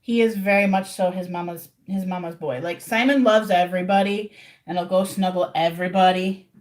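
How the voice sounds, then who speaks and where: Female streamer, relaxed rambling chat with viewers from her room. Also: on the low side, fairly quick. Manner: rambling, chatty, talks to viewers directly. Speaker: livestreamer. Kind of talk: casual livestream chat.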